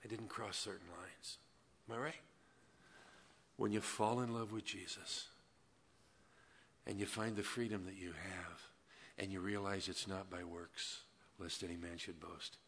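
Unhurried and deep-voiced with little pitch movement, a pastor delivers a Wednesday evening sermon against a faint hiss or hum. He shifts between loud emphasis and soft, conversational asides, folksy and full of "man" and "you know."

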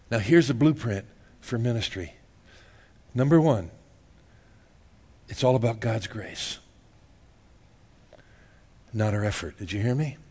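A man's voice: mid-range voice, darkish tone, breathy edge. A middle-aged male pastor giving a casual, joking sermon, laughing often and tagging "man" onto his sentences.

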